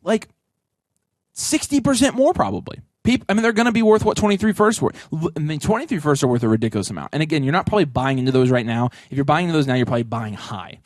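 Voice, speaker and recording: A man co-hosting a casual talk show, giving emphatic, rapid advice. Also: on the high side, expressive, dry recording, clean studio sound. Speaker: podcast co-host. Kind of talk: casual chat.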